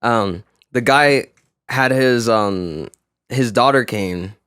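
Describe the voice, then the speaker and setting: Animated man telling a story on a podcast. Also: medium pitch, slow, smooth, no echo, clean studio sound. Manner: animated storyteller, acts out quotes loudly. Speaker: podcast co-host. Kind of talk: casual chat, storytelling.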